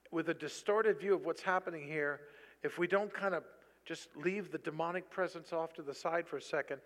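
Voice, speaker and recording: A tired male pastor preaching a sermon, animated and breaking into loud bursts when he quotes. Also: a little high. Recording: long reverb of a large hall.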